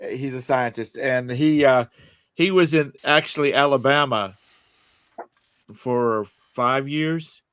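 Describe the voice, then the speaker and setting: A man's voice: medium pitch, slow pace, a bit bright, clean tone, no echo. An older man hosting a casual political chat, rambling with fillers and chuckles. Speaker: host.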